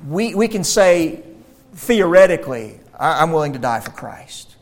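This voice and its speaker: A man preaching a sermon, emphatic, swinging between quiet explanation and loud, forceful declarations. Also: a little high, very animated, unhurried.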